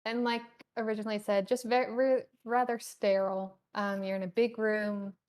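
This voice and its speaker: A woman running a casual tabletop game as game master, halting and giggly, with many fillers. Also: medium pitch, level tone, darkish tone.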